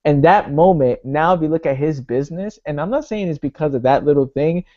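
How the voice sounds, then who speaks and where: A man telling motivational stories in a casual, energetic way, tossing in "right?" and "bro" often. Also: a little high, fairly quick, lo-fi sound.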